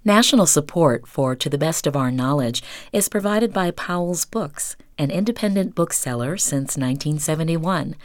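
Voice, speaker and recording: A woman reading a sponsor message in a crisp, scripted announcing style. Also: low voice, animated, moderate pace, hardly any pauses, no room sound, clean studio sound. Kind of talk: scripted underwriting read.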